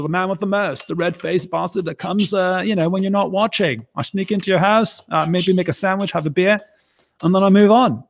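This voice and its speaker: A man chats loosely on a stream, talking in a fairly high voice with a gravelly edge of vocal fry. He rambles, jokes and teases his co-host. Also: fairly quick. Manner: jokey, rambling, teasing co-host. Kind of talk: casual banter on a livestream.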